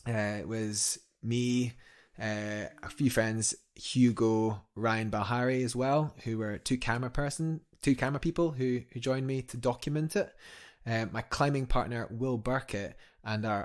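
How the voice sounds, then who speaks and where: A man's voice: medium pitch, fairly even intonation, a little slow. A young man, a guest climber, telling a story eagerly in a casual interview, rambling with fillers and restarts.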